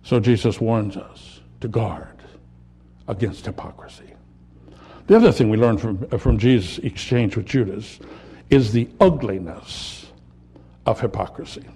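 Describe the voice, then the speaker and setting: A man preaching a sermon, building to impassioned peaks and dropping to quiet, reflective lines. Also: fairly low pitch, a little slow, slightly rough. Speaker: pastor.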